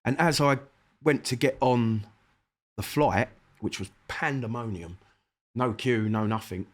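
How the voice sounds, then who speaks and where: A middle-aged man with a South London accent, a guest MC telling lively, sweary anecdotes in a casual interview, acting out the dialogue. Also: medium pitch, unhurried. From South London, England.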